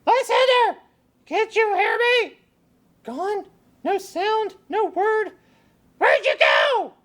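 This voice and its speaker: A woman's voice: very high voice, slow, a little mellow. A woman playing a modest young woman in love, prim and firm, in an amateur Shakespeare reading. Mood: frantic. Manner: prim, then frantic.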